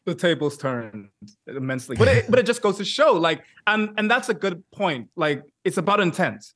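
A man in a casual podcast conversation, talking in an animated way with many "like" fillers and easy laughter. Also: sits high, moderate pace, dry recording, studio quality. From Bahamas. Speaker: podcast guest, YouTuber.

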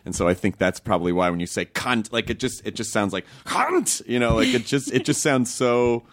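A man's voice: medium pitch, animated, fairly quick. An American man hosting a podcast, chatting casually and rambling with many restarts. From United States. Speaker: podcast host. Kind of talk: casual interview chat.

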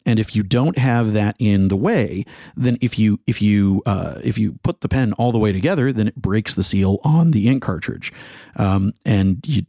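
A man on a podcast panel, starting haltingly and then explaining a small detail at length in casual chat. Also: on the low side, dark tone, no room sound, studio quality.

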